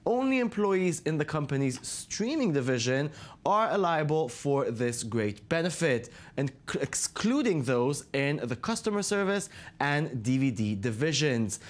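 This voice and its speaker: Wry, lively male news host. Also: fairly high pitch, a little slow. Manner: wry, sarcastic quips between stories. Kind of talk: scripted news segment with jokey asides.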